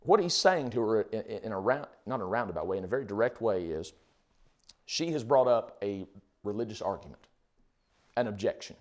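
A man's voice: on the low side, animated, brisk. A man preaching a sermon in a conversational way, full of rhetorical questions.

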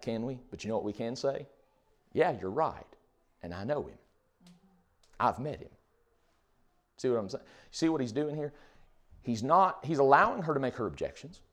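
A man preaching a sermon in a conversational way, full of rhetorical questions. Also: medium pitch.

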